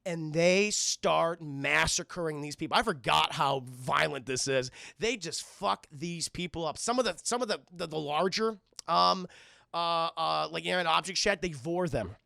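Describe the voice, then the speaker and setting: A man streaming a casual, profane film recap, animated and talking to his chat throughout. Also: on the high side, normal speed, creaky, no echo, clean studio sound.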